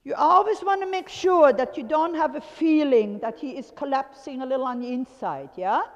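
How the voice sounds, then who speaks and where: A woman's voice: high-pitched, normal speed, muffled recording. A woman coaching a rider, calling out short repeated commands and laughing now and then. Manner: commanding, repetitive short calls, occasional laughs. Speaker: riding instructor. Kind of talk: coaching a rider from the arena floor. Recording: long hall reverb.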